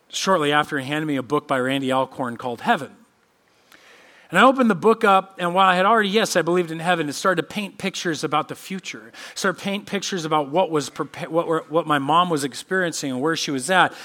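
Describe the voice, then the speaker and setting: Here a middle-aged man preaches as pastor, animatedly voicing the people he quotes, and his pitch runs on the high side.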